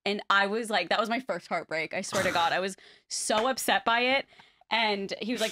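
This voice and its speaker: A woman in her thirties from Nebraska, co-hosting a podcast and telling an animated story about herself with plenty of laughter. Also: mid-range voice, normal speed, slight background noise. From Nebraska, USA. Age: 30s. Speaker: podcast co-host. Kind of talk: casual chat.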